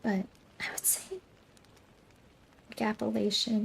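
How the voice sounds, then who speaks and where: A young woman from the American South drifts through a sleepy late-night stream chat, her voice dark and gravelly. She talks slowly and softly, often sinking into a breathy half-whisper. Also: medium pitch, steady tone, a little hiss or hum. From Southern United States. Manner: soft, often half-whispered, slow and unhurried. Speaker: VTuber streamer.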